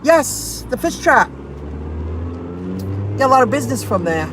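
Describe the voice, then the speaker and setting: A woman's voice: high-pitched, sing-song, unhurried. A woman rideshare driver chatting casually to her viewers, telling an indignant story and reading out their comments. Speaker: rideshare and delivery driver vlogger. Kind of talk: casual venting chat to viewers. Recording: noisy car and street background.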